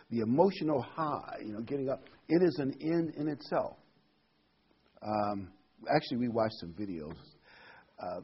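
A man's voice: on the low side, slightly rough, muffled recording. A man preaching an informal sermon, talking conversationally and telling the story with restarts and asides.

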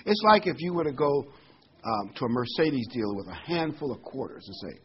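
A man's voice: medium pitch, sing-song, a little fast. A man preaching an informal sermon, speaking in a conversational way with fillers and asides. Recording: slightly dull recording with faint hiss.

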